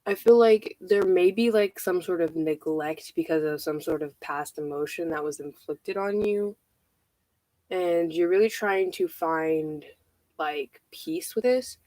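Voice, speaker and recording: A woman giving a casual tarot reading, out of breath, halting and repeating herself with many fillers. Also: on the low side, mellow, dry recording, poor audio. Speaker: tarot reader.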